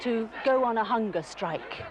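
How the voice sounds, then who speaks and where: An actress playing a female TV street reporter who speaks in a clear, measured way. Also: a little high, expressive. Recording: loud crowd and noise behind.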